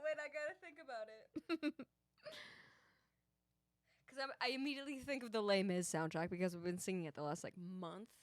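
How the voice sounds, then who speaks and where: A young woman chatting and joking on a live stream, playful and quick to laugh. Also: mid-range voice, no echo, studio quality. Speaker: streamer and musician. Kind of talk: casual live-stream chat. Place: home streaming setup.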